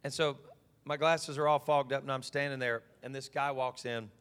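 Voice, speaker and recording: A man's voice: mid-range voice, fairly even intonation, normal speed, a bit bright, clear, resonant tone. A man preaching an evening sermon as pastor, emphatic and pleading, often asking his listeners whether they follow him. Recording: long reverb of a large hall.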